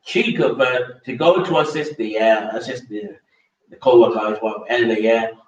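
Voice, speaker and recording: A man's voice: mid-range voice, normal speed. A man ranting casually to camera, rambling and repetitive, with crude slang and many stammered restarts. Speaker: vlogger. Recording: roomy, distant and dull.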